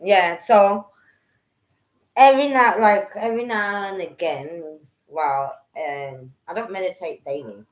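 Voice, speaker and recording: A woman telling a story in casual chat, animated and profane, acting out what people said. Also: lowish voice, measured pace. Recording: echoey room.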